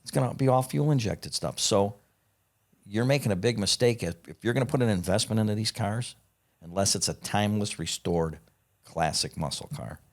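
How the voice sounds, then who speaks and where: A man telling stories as a podcast guest in casual chat, excitable and profane, swearing as he talks. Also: fairly low pitch, normal speed. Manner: excitable, profane, animated storyteller.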